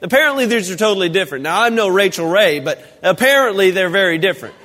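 Preacher guy, high voice, chatty folksy sermon, church echo hangs on. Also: animated, quick pace, bright, forceful tone. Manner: folksy storytelling with restarts and asides. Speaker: pastor. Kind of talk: casual sermon. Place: church sanctuary.

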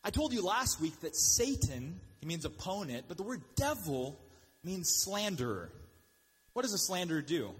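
A man preaching a sermon in an animated, joking way, with quick asides and mocking voices for the people he quotes. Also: sits high, slightly rough, long reverb tail. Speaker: pastor.

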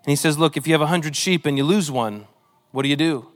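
A man's voice: on the high side, quick pace. A man preaching a sermon, earnest and emotional, reading scripture with a pleading, dramatic delivery. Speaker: pastor.

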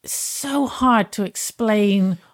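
A woman co-hosting a podcast in a casual chat, talking openly and emotionally with frequent restarts and pauses to search for words. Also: medium pitch. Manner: open and emotional. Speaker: podcast co-host.

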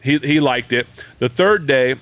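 A man hosting a podcast recorded at a brewery, telling a story in casual chat, animated and full of fillers and restarts. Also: medium pitch, unhurried, clear, resonant tone. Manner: animated, acts out quoted voices, many fillers and restarts. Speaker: podcast host.

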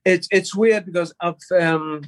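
A middle-aged man, a guest in an interview, telling a personal story in a halting way, repeating words and swearing casually. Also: high-pitched. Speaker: guest musician.

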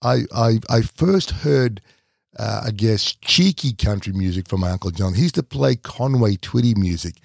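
Gravelly deep Australian man telling a story. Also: expressive, a little mellow, no room sound, clean studio sound. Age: middle-aged. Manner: halting, repeats words as he recalls. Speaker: podcast host. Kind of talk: personal storytelling.

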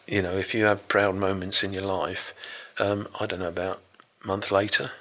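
Older British ex-navy man, low voice with a bright edge, chatty and rambling as an interview guest. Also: little pitch movement, moderate pace. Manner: rambling, full of restarts and "you know". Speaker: interview guest, former navy rescue diver. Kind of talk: storytelling in a casual interview.

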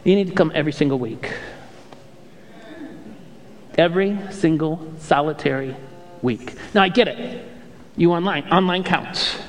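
A male pastor preaching a sermon with animated storytelling and playful impressions. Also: fairly high pitch, measured pace, long pauses, in a large hall.

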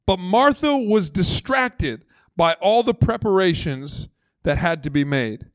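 A man's voice: sits high, a little slow, no room sound. A man in his thirties, a lead pastor preaching a conversational sermon from a church stage. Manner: conversational and animated, acting out voices of the story.

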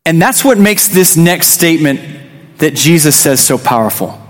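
In a church sanctuary with big-room sound, a youth pastor in his thirties gives a conversational sermon built around a personal story. His voice is fairly high with lively intonation at a moderate pace, and he restarts phrases and acts out quotes.

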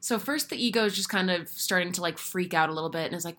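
A young adult woman hosting a podcast, telling a personal story in a candid, animated way with casual swearing. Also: fairly low pitch, quick pace, few pauses. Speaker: podcast host. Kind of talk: casual solo podcast monologue.

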